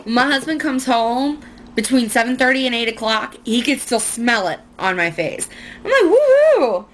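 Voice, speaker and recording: A woman's voice: on the high side, normal speed, fairly bright tone, a little hiss or hum. A young woman chatting casually through a makeup tutorial at home, rambling and self-mocking. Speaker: beauty vlogger.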